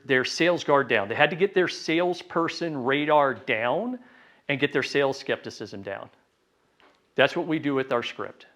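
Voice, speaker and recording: A man giving a live sales training talk to a room, lively and conversational, acting out phone calls in quick voices. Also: a little high. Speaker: real estate sales trainer. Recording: dull lo-fi sound.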